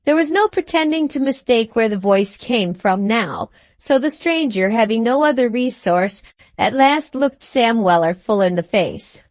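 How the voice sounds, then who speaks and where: Brief: woman audiobook narrator, measured storytelling, fairly high voice. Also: animated, dry recording. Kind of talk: scripted narration of a classic novel.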